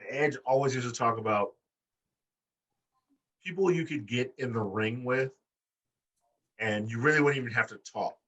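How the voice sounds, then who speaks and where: A bright, husky-voiced man chats on a wrestling podcast, swearing freely and jumping into high put-on voices for quotes. He sits some way back from the mic. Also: far from the mic, muffled recording. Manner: animated, profane, acts out quotes in high voices. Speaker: podcast co-host. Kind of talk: casual wrestling podcast chat.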